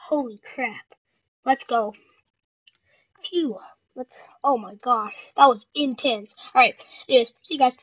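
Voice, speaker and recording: A gaming channel host giving live commentary on their own match, excitable and talking to themselves while playing. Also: medium pitch, measured pace, pauses often, dry recording, dull audio.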